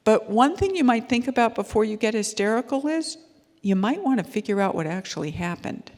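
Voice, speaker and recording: A woman's voice: on the high side, big pitch swings, fairly quick, darkish tone. A woman child-safety educator giving an earnest, conversational talk to parents, telling stories with frequent ums and restarts. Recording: long hall reverb.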